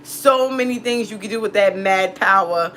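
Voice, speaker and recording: A woman's voice: mid-range voice, normal speed, a bit bright, slight background noise. A woman who reads tarot, telling a personal story casually in a blunt, profane way, laughing often. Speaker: tarot reader.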